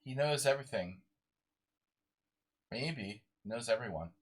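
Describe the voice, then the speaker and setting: A man's voice: medium pitch, lively intonation, a little slow. A sleep-deprived man streaming a live chess game, muttering moves to himself and chatting with viewers.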